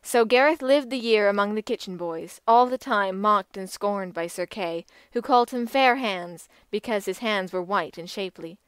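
A woman reads an old legend aloud in a measured, expressive way. Her voice is smooth and clear at a middling pitch, and the recording is close and dry, with no room sound. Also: dry recording. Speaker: audiobook narrator. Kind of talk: scripted storytelling narration.

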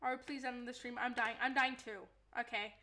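A woman's voice: a little high, fairly even intonation, normal speed, sharp tone. An Australian woman streaming a game, chatting casually with her audience in an exasperated, pleading way. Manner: exasperated, pleading, talks to chat.

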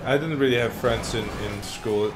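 Ranting, swearing Dutch-accented streamer. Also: male voice, medium pitch, normal speed, background noise. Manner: ranting, swearing, shouting at teammates. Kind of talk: casual gaming commentary.

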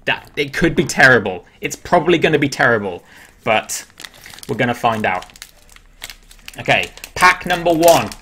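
An Englishman hosting a live stream, talking in a loose, chatty way at an ordinary middle pitch. He answers viewers' questions aloud as he goes and laughs easily at himself. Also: fairly bright tone, husky. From England. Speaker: livestream host. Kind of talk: casual live-stream chat.

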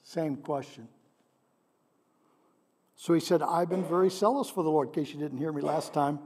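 Guy pastor giving a sermon in church, chatty, keeps asking the crowd stuff, mellow tone, big reverb. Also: a little high, moderate pace, long pauses, husky. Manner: conversational, asks the congregation questions. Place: church sanctuary. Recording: long reverb of a large hall.

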